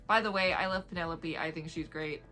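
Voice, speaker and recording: Faint music plays behind a book reviewer whose low, sharp voice moves fairly quickly through a chatty audiobook review on video. She laughs often, drifts into tangents, and mimics vampires in playful whispers.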